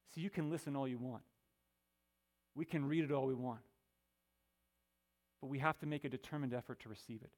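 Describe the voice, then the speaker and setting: A middle-aged male pastor preaching a sermon, emphatic, slowing down when he reads scripture. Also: medium pitch, fairly even intonation, darkish tone.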